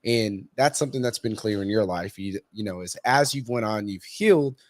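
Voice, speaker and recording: A man's voice: lowish voice, normal speed, no room sound. A man hosting a casual interview, enthusiastic and friendly with his guest, whom he calls brother. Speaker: podcast host.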